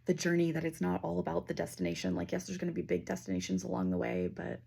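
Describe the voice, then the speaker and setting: A woman giving a casual spiritual reading and leading slow breathing, talking loosely with fillers and the odd swear word. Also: fairly low pitch, monotone, gravelly, breathy edge. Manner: slows down and softens into near-whispers. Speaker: intuitive reader.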